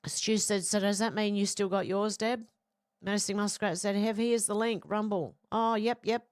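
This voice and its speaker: A woman's voice: medium pitch, fairly even intonation, normal speed, dry recording, clean studio sound. Chatty Australian woman reading live chat. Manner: chatty, reads comments aloud, blunt and swears. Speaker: livestream host reading chat.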